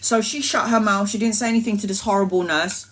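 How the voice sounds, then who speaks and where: A woman's voice: medium pitch, fairly even intonation, fast talker, a bit bright. A woman and tarot reader telling a story in a casual livestream, acting out the voices animatedly.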